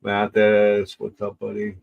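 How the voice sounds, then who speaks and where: A man with a somewhat low voice who is crying as he talks. He chats casually with viewers in a halting, tearful way, often stopping and starting over. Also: completely flat delivery, gravelly, muffled recording, a little hiss or hum. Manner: halting, tearful, many restarts and pauses. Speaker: livestream host. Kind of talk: casual livestream chat with viewers.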